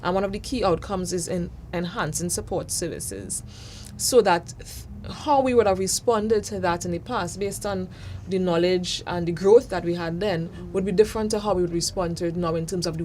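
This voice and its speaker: Earnest woman, low-pitched. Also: normal speed, darkish tone, a little hiss or hum. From Trinidad and Tobago. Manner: earnest, articulate, explanatory. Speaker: police social work manager, guest. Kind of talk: interview explanation.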